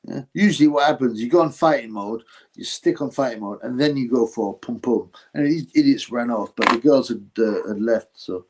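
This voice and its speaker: A man's voice: mid-range voice, brisk, a little mellow, husky. Blunt man rambling on a stream. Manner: rambling, blunt, profane, calls viewers bro. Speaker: host. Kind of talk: casual livestream chat, reading viewer comments.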